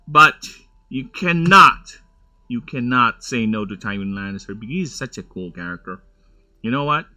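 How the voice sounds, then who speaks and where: A man's voice: medium pitch, sharp tone. A man giving casual, rambling gameplay commentary, going off on nerdy tangents and laughing often. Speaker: gameplay streamer.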